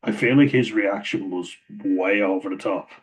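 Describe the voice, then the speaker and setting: A man's voice: fairly low pitch, moderate pace, poor audio. A man telling a casual story about his past work, rambling with frequent chuckles and fillers. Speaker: vlogger.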